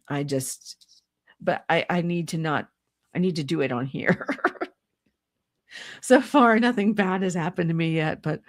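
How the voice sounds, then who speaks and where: Older lady psychic on a livestream, deep and croaky, rambles and gets fed up fast. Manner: rambling, exasperated, with restarts and little laughs. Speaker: psychic reader. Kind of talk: casual livestream rant.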